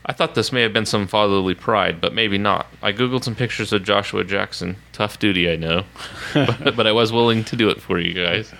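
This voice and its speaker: Playful male podcast co-host, low pitch, bright forceful tone, reads fan mail. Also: fairly quick, vocal fry, hardly any pauses, rough recording. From Oklahoma. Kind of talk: casual podcast chat, reading listener emails.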